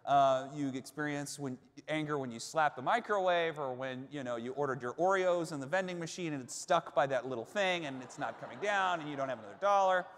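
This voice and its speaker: Male pastor, high voice, animated storyteller, reverberant church hall. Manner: animated storyteller, acts out shouts and quotes. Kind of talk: sermon with personal story. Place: church auditorium. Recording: long reverb of a large hall.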